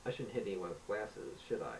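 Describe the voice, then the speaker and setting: A man's voice: on the low side, animated, brisk, roomy sound, recorded from a distance, low-quality recording. A man voicing a gloating, mocking male mutant villain in a homemade taped story, with faint hiss. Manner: taunting, mocking.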